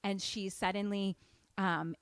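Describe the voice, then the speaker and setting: A woman's voice: mid-range voice, slow, clean tone, dry recording. A woman co-hosting a podcast, animatedly retelling a horror movie in casual chat, full of "like" fillers. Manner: animated storyteller, frequent "like" fillers. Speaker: podcast co-host.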